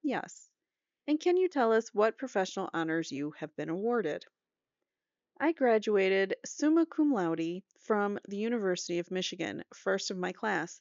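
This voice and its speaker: A woman's voice: medium pitch, animated, normal speed, a little mellow, no room sound, muffled recording. A woman host reading aloud from a trial transcript, breaking off often with casual joking comments. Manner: reads both sides of testimony aloud, breaks off with joking asides and laughs.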